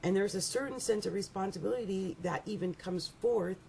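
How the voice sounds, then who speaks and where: A middle-aged woman giving a rambling, animated astrology reading, laughing often and restarting her sentences. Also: mid-range voice, a little fast, gravelly, slight background noise. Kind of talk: casual monthly astrology reading.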